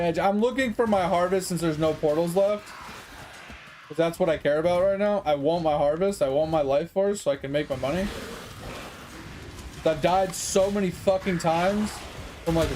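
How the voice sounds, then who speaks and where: A man's voice: on the high side, darkish tone, a little hiss or hum. A young man giving casual gameplay commentary as a streamer, frustrated and swearing while he talks to his chat. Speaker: gaming streamer.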